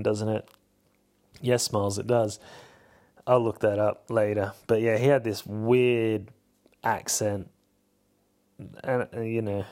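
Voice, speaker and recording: A man hosting a podcast alone, giving casual film commentary in a rambling, wry and self-mocking way. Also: medium pitch. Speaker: podcast host.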